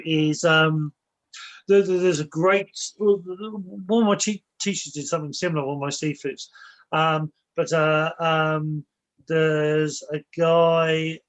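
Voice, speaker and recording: A man's voice: a little high, rough recording. A man speaking as a guest in a casual interview, reflective and rambling, often repeating words and restarting his sentences as he explains ideas through personal stories. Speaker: guest, spiritual and martial arts teacher.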